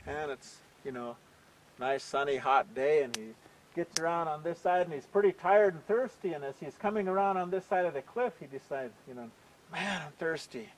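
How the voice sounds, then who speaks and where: A man telling a traditional folk tale out loud, relaxed and conversational, often dropping in "you know". His voice sits a little high for a man. A faint noise runs beneath the recording. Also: brisk, poor audio. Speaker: storyteller. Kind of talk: oral folk storytelling.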